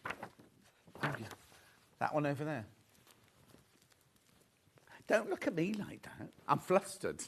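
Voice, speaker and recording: A man's voice: a little high, sing-song, slow, vocal fry, long pauses, husky. Chatty live shopping-show host, man. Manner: chatty, upbeat salesman patter, reads viewer messages. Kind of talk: live sales presentation.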